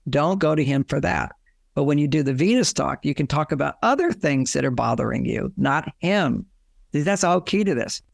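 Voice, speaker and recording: A man's voice: fairly high pitch, expressive, normal speed, creaky, no room sound, clean studio sound. An older man, a relationship author, giving advice in an interview and acting out the lines couples say. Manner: explanatory, acts out quoted lines.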